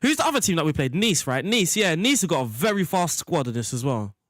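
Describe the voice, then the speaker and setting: A man's voice: on the high side, sing-song, fairly quick, a bit bright, no echo. Chatty young man, dry sound. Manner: rambling, jokey, talks to chat. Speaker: gaming streamer. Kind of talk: casual gameplay commentary.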